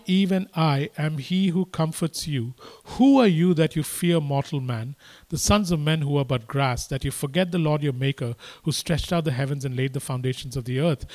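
Preacher, male, higher-pitched, emphatic and repetitive sermon delivery. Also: a little mellow. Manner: emphatic, repetitive, rising to impassioned exhortation.

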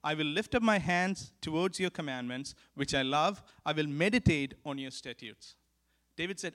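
Earnest preacher, a man with a higher voice. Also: animated, moderate pace. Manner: earnest, repeats key lines for emphasis; swings from emphatic to hushed. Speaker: pastor. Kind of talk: sermon.

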